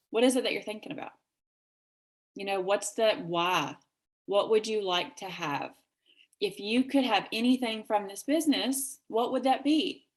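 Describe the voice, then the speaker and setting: A woman from Kentucky with a Southern accent, giving an energetic, chatty sales pitch over a video call and acting out quoted messages with big jumps in pitch. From Kentucky, USA. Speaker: network marketing presenter.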